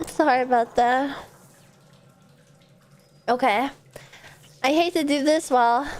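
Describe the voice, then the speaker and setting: A woman streamer chatting casually and rambling at the end of a gaming stream, sleepy and a little hoarse. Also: high voice. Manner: chatty, rambling, self-deprecating. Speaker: video game streamer. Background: faint background music.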